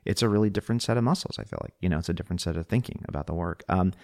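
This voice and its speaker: A man co-hosting a podcast in casual chat, talking quickly and laughing easily, recorded in a dining room. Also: deep voice, vocal fry, a little mellow, dry recording, clean studio sound. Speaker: podcast co-host.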